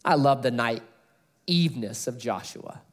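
A middle-aged man preaching an expository sermon, telling stories with animated delivery and laughing at his own jokes. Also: mid-range voice, takes it slowly. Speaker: pastor.

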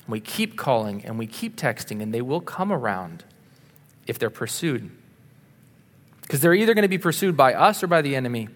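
A man preaching a sermon, earnest and insistent, moving between punchy emphasis and quiet asides. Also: mid-range voice, sing-song, normal speed, long reverb tail. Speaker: pastor.

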